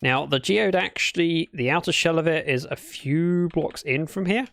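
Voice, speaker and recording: Gravelly British man chatting while gaming. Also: on the high side, normal speed, fairly bright tone, no room sound. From Britain. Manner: rambling, playful, self-correcting. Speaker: livestreamer. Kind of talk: casual gameplay chat.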